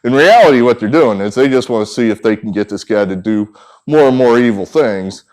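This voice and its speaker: A man's voice: medium pitch, brisk, a little mellow. A man with a mid-range voice delivers an indignant, sarcastic monologue. He mocks the people he talks about and now and then acts out their lines. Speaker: sports handicapper and commentator. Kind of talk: opinionated monologue.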